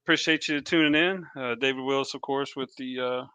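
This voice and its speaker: A man's voice: mid-range voice, fairly even intonation, fairly quick, bright, forceful tone, clear, resonant tone, dry recording. An older man from Kentucky with a Southern accent, co-hosting a casual podcast and reading viewer comments aloud in an easygoing way. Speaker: podcast co-host. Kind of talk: casual chat.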